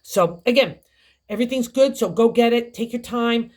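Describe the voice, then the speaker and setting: A woman's voice: a little high, moderate pace, darkish tone. An older woman giving a tarot reading, chatty and encouraging, laughing often as she talks. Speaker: tarot reader.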